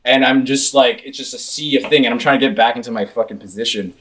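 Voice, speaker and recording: A man's voice: medium pitch, fast talker, a bit bright. A young man co-hosting a casual podcast, telling stories loosely and swearing a lot. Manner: loose, profane storytelling with lots of swearing. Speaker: podcast co-host. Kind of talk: casual chat.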